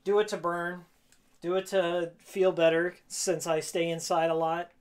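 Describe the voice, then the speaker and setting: A man live-streaming casually while he cleans his game room, hoarse and losing his voice, jokey and rambling, repeating his own lines. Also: high voice, level tone, unhurried. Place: game room at home, indoors.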